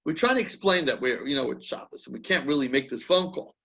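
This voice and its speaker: With a gravelly, mid-range voice and a sharp tone, a man leads a rabbinic class, teaching conversationally through anecdotes. He speaks quickly with lively intonation, telling a story in a chatty way and often restarting sentences as he thinks aloud. The sound is lo-fi.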